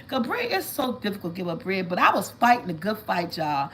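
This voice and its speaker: A woman talks casually to her livestream viewers, swinging into lively, animated storytelling. Her voice sits at an ordinary middle pitch. A faint hiss runs underneath the recording. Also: brisk, rough recording. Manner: chatty, animated storytelling, addresses viewers as y'all. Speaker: vlog host.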